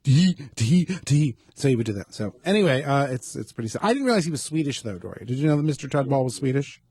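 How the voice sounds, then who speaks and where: Raspy campy male radio host. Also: mid-range voice, sing-song, rapid-fire, a little mellow, no echo. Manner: rambling, campy, self-mocking asides. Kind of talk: casual talk radio chat. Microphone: studio microphone.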